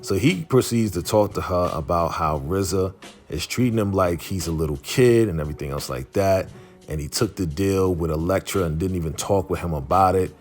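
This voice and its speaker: A man's voice: low-pitched, moderate pace, darkish tone, faint music behind. A man casually recapping a TV episode in slangy storytelling, acting out the characters' lines. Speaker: YouTube show recapper.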